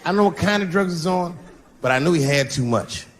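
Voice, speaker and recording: Profane stand-up comic man, lively. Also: on the high side, a little fast, slight background noise. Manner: profane, animated storytelling with acted-out voices. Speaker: stand-up comedian. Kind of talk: stand-up comedy set. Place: comedy club stage. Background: audience laughter.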